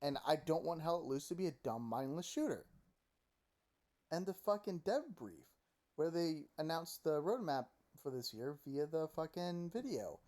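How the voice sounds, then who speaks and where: A man ranting casually and profanely about a video game, animated and full of mocking quoted voices, recorded close on a desk mic at home. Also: on the high side, normal speed. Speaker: gaming commentator. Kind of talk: casual opinion rant.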